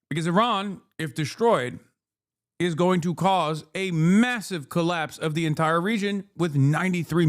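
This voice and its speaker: A man hosting a stream, giving blunt, profane political commentary in casual chat. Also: on the high side. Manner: blunt, profane, opinionated, with fillers like "like" and "okay?". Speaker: streamer host.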